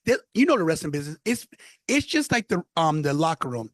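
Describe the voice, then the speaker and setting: Fast and a little high, the voice belongs to a man in his fifties from Brooklyn, a former wrestler guesting on a podcast. The recording has no room sound. With a New York accent, he spins emphatic, animated stories in casual interview talk, repeating phrases as he goes.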